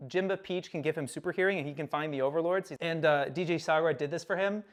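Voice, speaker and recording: A young man giving a casual recap lecture, animated, acting out characters' lines with sudden loud outbursts. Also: fairly high pitch, fast talker.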